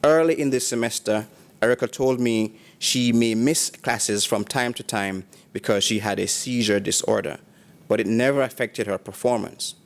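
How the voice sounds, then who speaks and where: Male ceremony announcer, mid-range voice, measured formal reading of graduate tributes. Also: mid-range voice.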